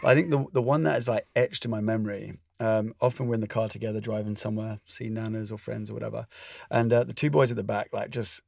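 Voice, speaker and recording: Gravelly-voiced dad telling a story. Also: male voice, lowish voice, fairly even intonation, quick pace, darkish tone, no echo, studio quality. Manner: storytelling, laughs at himself. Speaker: podcast co-host. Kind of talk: casual chat.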